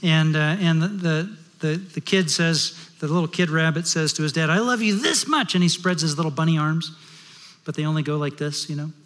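Middle-aged male pastor, somewhat high voice, storytelling sermon, echoing sanctuary. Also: level tone, brisk. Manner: storytelling, shifting from loud to hushed. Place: large worship hall. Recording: long hall reverb.

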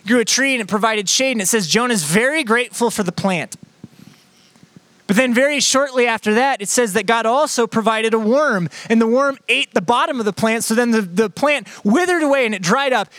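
A man preaching a sermon in a conversational, playful way, moving between quick asides and slow, emphatic phrases. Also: very high voice, expressive, a bit bright, dry recording. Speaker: pastor.

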